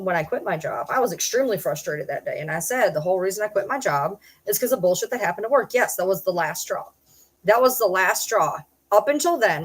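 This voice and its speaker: Agitated middle-aged woman ranting on a livestream. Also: mid-range voice. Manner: agitated, profane, repeats herself. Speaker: livestream host. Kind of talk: livestream rant.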